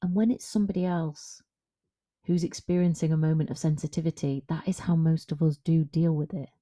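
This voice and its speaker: A frank, animated woman talks through a solo coaching podcast. Her voice sits low and sounds warm and mellow. She keeps it conversational and plain-spoken. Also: fairly quick. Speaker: confidence coach.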